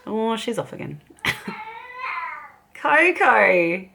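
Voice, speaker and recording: A woman's voice: high-pitched, wildly swooping pitch, extremely slow, creaky, sharp tone, slight background noise. An Australian woman chatting casually as a beauty vlogger while doing her makeup, giggling often. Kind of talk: casual get-ready-with-me chat.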